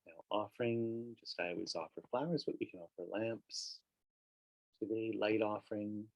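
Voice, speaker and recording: A man with a deep, gravelly voice guides a meditation class. He talks in a relaxed, conversational way with casual fillers. The sound is close and dry. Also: moderate pace, dry recording, lo-fi sound. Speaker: meditation teacher.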